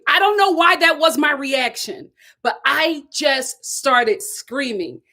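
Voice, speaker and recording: High, lively woman telling a story. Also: slow pace. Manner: animated, dramatic storyteller who laughs often. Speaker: host of a live reality-show review channel. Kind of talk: casual storytelling to a live chat.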